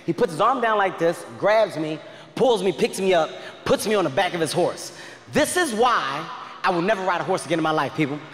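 A male comedian telling a stand-up story in a loud, animated, profane way. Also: high-pitched, brisk. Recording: echoey hall reverb, faint noise.

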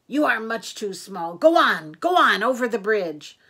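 A woman's voice: medium pitch, lively intonation, creaky, slightly rough. A grandmother putting on a roaring hungry storybook troll. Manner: roaring, drawn-out and loud. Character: big hungry blustering male troll.

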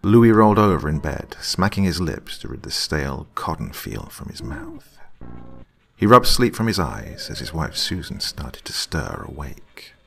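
A man narrating a scary story in a slow, brooding way. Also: rumbling low, sing-song, creaky, a bit bright. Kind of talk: scripted narration.

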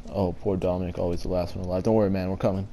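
Swearing, panicky gamer man, low voice. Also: level tone, rapid-fire, a little hiss or hum. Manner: swearing, panicky, mock-dramatic. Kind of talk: let's play commentary. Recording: loud gunfire game audio behind.

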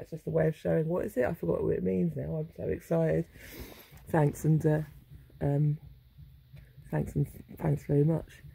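A middle-aged woman muses aloud, losing her thread and swearing now and then. Her voice is low, gravelly and mellow. The home recording carries a faint hiss. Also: rough recording. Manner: meandering, self-interrupting, sweary. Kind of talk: rambling monologue. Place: home, indoors.

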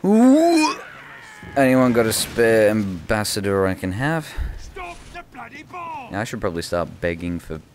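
A young man mumbling casual commentary while playing a shooter game, breaking into sudden high yelps now and then. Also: fairly quick, few pauses, a little hiss or hum. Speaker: gaming channel host.

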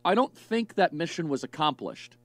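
A man giving political commentary in a sarcastic, mocking, animated way. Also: on the high side, normal speed, dry recording. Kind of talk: commentary clip.

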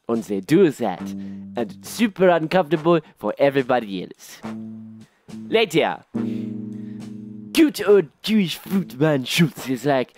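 A man's voice: a little high, sing-song, measured pace, long pauses, darkish tone, faint music behind. A man hosting a casual vlog, summing up a musical in a sarcastic, jokey way. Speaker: host.

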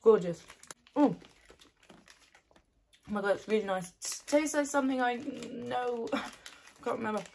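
She speaks unhurriedly in a fairly high voice with vocal fry and a darkish tone, pausing often, while a little hiss or hum sits under the audio. Sampling snacks in her new house, she chats casually, bubbly and giggly, gushing and laughing a lot, not using her usual ASMR mic.

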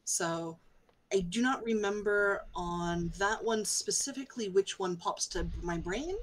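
A woman's voice: mid-range voice, measured pace, a little hiss or hum. A woman speaking as a panelist in an online discussion, chatty and often laughing as she talks.

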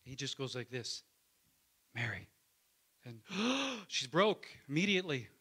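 A man's voice: mid-range voice, animated, fairly quick, pushed and bright, breathy edge. A man, a pastor, preaching a sermon in a conversational way, often asking the congregation for an amen. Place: church.

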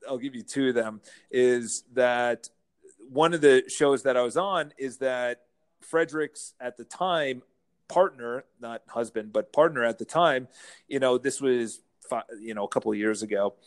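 Man telling animated anecdotes. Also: medium pitch, a little slow. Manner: animated anecdotes, playful mimicking of others. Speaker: real estate brokerage founder, guest. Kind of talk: casual interview storytelling.

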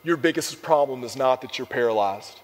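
A man voicing Jesus as a gentle, compassionate grown man who speaks calmly and earnestly, in a long echoing hall. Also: mid-range voice, normal speed, voice pushed down, lightly acted. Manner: calm, tender, earnest.

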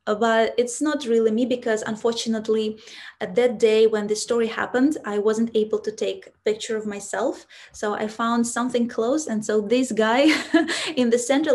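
A woman's voice: on the high side, a little mellow. A young woman with a Russian accent, a public speaking coach telling a personal story in a presentation, earnest and reflective, with many "so" and "like" fillers.

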